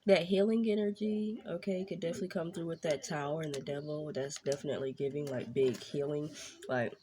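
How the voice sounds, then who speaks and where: A woman giving a casual tarot reading straight to her viewers, chatty and excitable. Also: low-pitched, brisk, background noise. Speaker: tarot reader.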